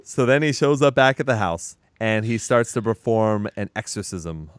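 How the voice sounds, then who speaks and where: A man casually retelling a horror movie's plot as a podcast co-host, animated and profane, acting out bits of dialogue. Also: fairly low pitch, moderate pace, over loud music. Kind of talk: casual movie recap chat.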